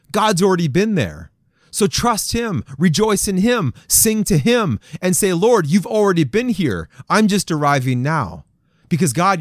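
A man's voice: on the high side, no echo, clean studio sound. A man preaching on a podcast to other men, reading scripture and repeating its promises with fervent, building emphasis. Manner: fervent, repetitive, rising emphasis on quoted promises.

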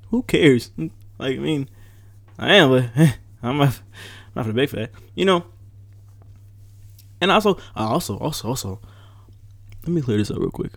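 A young man hosting his own podcast from home, talking in a casual, rambling way, relaxed but animated when riled up. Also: medium pitch, normal speed, vocal fry, long pauses, dry recording. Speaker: podcast host. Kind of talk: casual solo podcast rant.

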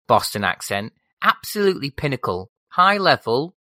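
Casting: dry-miked male podcast co-host, teasing, swings his pitch around. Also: expressive, normal speed, fairly bright tone, dry recording. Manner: wry, teasing. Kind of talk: casual film chat. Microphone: desk microphone.

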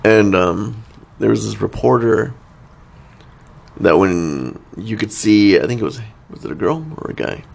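A man's voice: fairly low pitch, measured pace, vocal fry. A man in his thirties co-hosting a podcast, talking in a laid-back, rambling way and laughing often. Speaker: podcast co-host. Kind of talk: casual chat.

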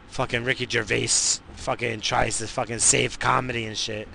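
Gravelly, fired-up male show host. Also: mid-range voice, level tone, moderate pace, hardly any pauses, sharp tone, slight background noise. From United States. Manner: profane, rambling, fired-up. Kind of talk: profane casual rant.

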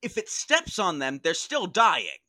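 A man's voice: high voice, huge pitch swings, measured pace, sharp tone, no echo. A man co-hosting a casual comedic debate, pressing his point, repeating himself and swearing for emphasis. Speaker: podcast co-host.

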